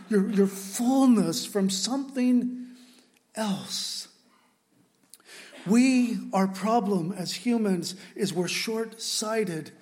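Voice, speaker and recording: A man's voice: sits high, a little mellow. A pastor preaching a sermon, a man who talks earnestly and with feeling, often stopping to restart his sentences. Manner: earnest and impassioned, with halting restarts. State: emotional.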